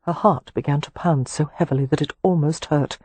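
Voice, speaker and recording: A woman narrating a romance audiobook in an even, measured way. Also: deep voice, slightly rough. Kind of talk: scripted narration.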